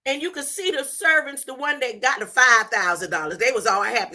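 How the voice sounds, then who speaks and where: A woman's voice: on the high side, fairly quick, hardly any pauses, sharp tone. A woman hosting a podcast, teaching scripture informally in a conversational way and retelling the story in her own words. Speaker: podcast host.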